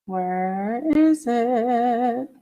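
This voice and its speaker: A middle-aged woman with a fairly high but dark-toned voice speaks extremely slowly yet animatedly. She's teaching college English online via a computer mic on a video call, chatty and apologetic, humming to herself while she looks for files.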